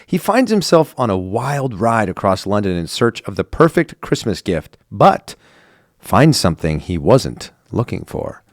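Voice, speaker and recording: A man chatting casually as a podcast co-host. His delivery is playful and animated, and he often slips into silly put-on voices. The recording is dry and close, with no room sound. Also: on the low side, measured pace, no room sound. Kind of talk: casual chat.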